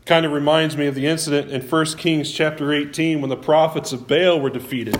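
Lively storytelling male preacher. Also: a little high, brisk, hardly any pauses. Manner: lively storytelling, acting out biblical quotes; casual, conversational asides. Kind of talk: sermon.

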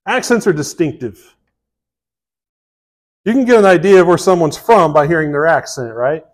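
A man's voice: fairly high pitch, animated, normal speed. A man preaching a sermon in a folksy, conversational way, with asides and restarts. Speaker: pastor.

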